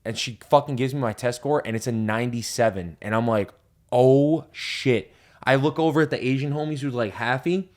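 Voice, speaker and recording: A young man hosts a casual podcast, spinning long profane stories and cracking himself up at the payoff. His voice sits in a middle pitch, and he talks in loose, rambling bursts full of fillers. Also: fast, few pauses. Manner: profane, animated storyteller, laughs loudly at punchlines. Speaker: podcast host. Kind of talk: casual storytelling chat.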